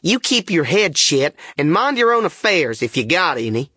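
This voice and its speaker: A man voicing a blustering old male swindler who poses as a king, gruff and bullying, in an audiobook reading. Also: sits high, animated, measured pace, fairly bright tone, no echo, studio quality, voice pushed up, full character voice. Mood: snarling. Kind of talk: audiobook character voice.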